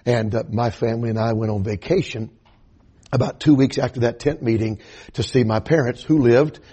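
An older man with a Southern US accent preaches in a relaxed, folksy storytelling manner. His voice is mellow, dark and a little husky, and he keeps stopping to say amen. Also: mid-range voice, normal speed. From Atlanta area, US South. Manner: folksy storytelling, punctuated with amens. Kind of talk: sermon.

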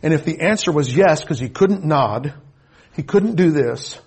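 A middle-aged man preaching a sermon, telling a personal story with deep emotion, swinging between loud and hushed. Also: expressive, measured pace, husky.

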